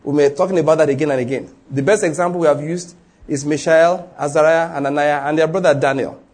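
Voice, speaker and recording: A man's voice: on the high side, fairly even intonation, fast, a little mellow. A man with a Nigerian accent preaching a sermon, emphatic and full of rhetorical questions, acting out the people in his story.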